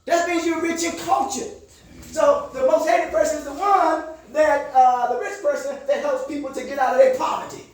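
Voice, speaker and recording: A man's voice: very high voice, fairly even intonation, moderate pace. A man counseling a group in a motivational call-and-response style, asking leading questions for the listeners to finish and often raising his voice for emphasis. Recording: echoey room, far from the mic.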